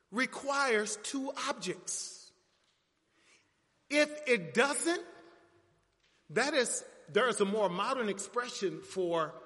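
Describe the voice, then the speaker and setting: A man preaching a sermon, emphatic and full of rhetorical questions, in a church. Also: sits high. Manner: emphatic, rhetorical questions, rising to near shouts. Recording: long church reverb.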